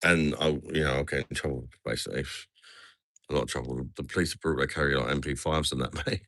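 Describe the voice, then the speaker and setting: A man's voice: extremely low pitch, steady tone, quick pace, fairly bright tone, no room sound. An English man chatting casually on a livestream, calling everyone "mate". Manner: chatty, says "mate" a lot. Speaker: livestream host. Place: outdoors at night in a resort town.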